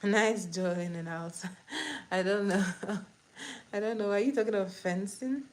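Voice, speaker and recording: A woman's voice: mid-range voice, low-quality recording. A woman hosting a casual livestream trivia game while doing her makeup, repeating each question and greeting viewers. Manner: slow, repeats questions, laughs easily. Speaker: livestream host.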